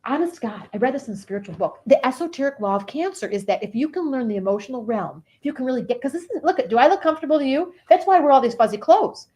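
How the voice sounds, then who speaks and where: Woman doing a high-voiced, whiny, oversensitive Cancer personified, melodramatic and self-pitying. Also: lively intonation, racing, few pauses, warm tone, low-quality recording. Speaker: comedic character performer. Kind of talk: improv comedy character.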